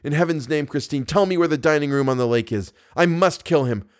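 A man voicing a hot-headed, jealous young nobleman with fierce, shouting outbursts, in an audiobook reading. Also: fairly high pitch, fairly quick, lightly acted. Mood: furious.

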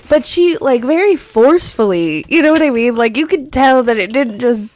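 Chatty woman with a fairly high voice. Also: expressive, moderate pace, a little mellow, no echo. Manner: chatty storyteller, laughs mid-sentence, swears. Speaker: podcast co-host. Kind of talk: casual chat.

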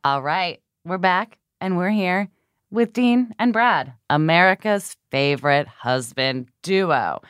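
A woman's voice: on the low side, lively intonation, slow pace, a bit bright, clean tone, no room sound. A woman hosting a podcast in casual chat, who reads out listener questions and laughs often. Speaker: podcast host.

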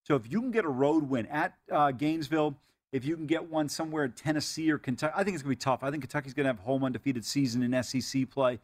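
Fast-talking man co-hosting a sports show. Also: mid-range voice, dry recording, studio quality. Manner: rapid, opinionated, conversational. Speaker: sports betting show co-host. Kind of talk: casual sports betting chat.

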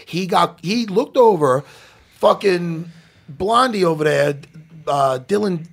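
A man co-hosting a casual chat, animated and swearing. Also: high-pitched, takes it slowly, gravelly. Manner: animated, swearing, bursts into shouting.

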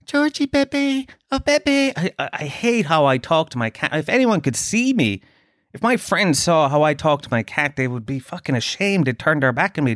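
A man's voice: mid-range voice, a bit bright, no echo, clean studio sound. A middle-aged Irish man from Dublin hosting a podcast, telling self-mocking comic stories full of swearing. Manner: sweary, self-mocking storytelling with put-on voices. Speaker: podcast host. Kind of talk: comic monologue.

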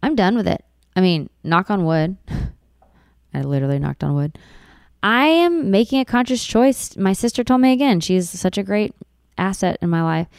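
A woman's voice: mid-range voice, very animated, normal speed, vocal fry, clean tone, no room sound, clean studio sound. A young woman and new mother talking earnestly to her viewers in a personal vlog, repeating lines for emphasis. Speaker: vlogger mom. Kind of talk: heartfelt personal vlog talk.

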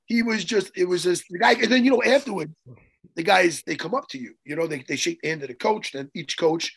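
Excitable gravelly guy on a podcast, swears a lot, trips over his words. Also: sits high, fairly quick. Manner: excitable, profane, repeats himself while telling a story. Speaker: podcast co-host and martial arts coach. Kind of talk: casual chat, animated storytelling.

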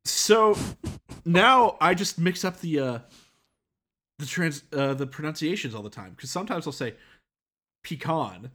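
A man in casual podcast chat with friends, teasing and quick to laugh. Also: a little high, animated, bright, forceful tone.

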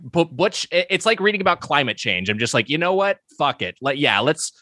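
A man's voice: fairly high pitch, big pitch swings, brisk, bright, forceful tone, no echo. A man co-hosting a podcast, chatting casually with an enthusiastic, wry tone and frequent laughter. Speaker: podcast co-host. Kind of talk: casual chat.

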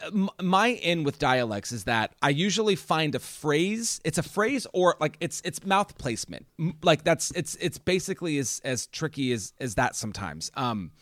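A young man, a podcast guest, chatting casually about film, animated and swearing freely. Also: on the high side, normal speed, hardly any pauses, no room sound.

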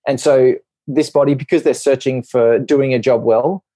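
A man, a doctor guest on a podcast, explaining a topic in lively talk and acting out quick little voices in his examples. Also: medium pitch, no room sound.

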